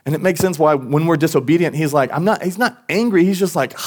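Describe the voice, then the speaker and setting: A man's voice: a little high, a little fast, few pauses. Conversational man preaching a sermon. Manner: conversational, with frequent restarts and asides. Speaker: pastor. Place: church service.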